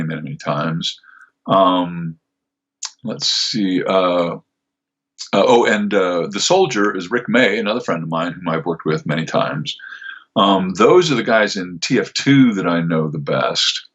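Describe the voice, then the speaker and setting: Guesting in a casual interview, an older voice actor speaks in a low, fairly bright voice. His answers ramble, full of fillers and restarts, on audio with the high frequencies cut off.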